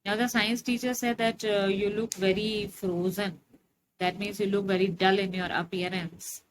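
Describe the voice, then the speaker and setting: A woman teacher, reading a story aloud and explaining it in a slow, explanatory way with many fillers. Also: medium pitch, steady tone, background noise. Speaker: English teacher.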